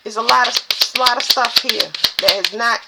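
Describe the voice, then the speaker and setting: A woman's voice: fairly high pitch, moderate pace, creaky, heavy background noise. A woman doing a tarot reading, talking to viewers in an emphatic, preachy way. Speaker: spiritual tarot reader.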